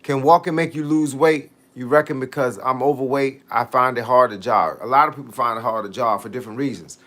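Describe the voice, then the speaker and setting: A man's voice: mid-range voice, fairly bright tone. A middle-aged man, chatting casually on a fitness livestream, slangy and easygoing as he reads and answers viewer comments. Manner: laid-back slangy talk, drawn-out tangents.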